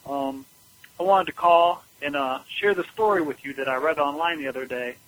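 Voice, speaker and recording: A man from Ohio leaving a voicemail for a podcast, telling a story haltingly with many uhs and ums. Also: on the high side, a bit bright, poor audio. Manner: halting, full of uh and um.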